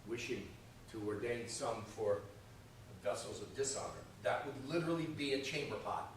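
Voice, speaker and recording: A man with a plain, mid-pitched voice teaches a Sunday school Bible lesson at a moderate pace, conversationally checking in with "okay?" and "right?" again and again. A distant mic captures the echoey church classroom along with a little hiss or hum.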